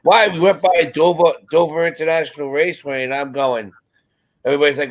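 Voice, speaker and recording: A man on a video call chatting casually, telling animated stories and acting out what people said. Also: fairly high pitch, moderate pace. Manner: animated storyteller, acts out quotes. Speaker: panel guest. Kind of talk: casual chat.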